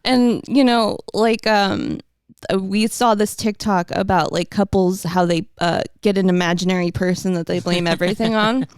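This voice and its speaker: A woman animatedly tells a story in casual chat, laughing often and swearing freely. Her voice is mid-range and smooth at a moderate pace, in a dry recording.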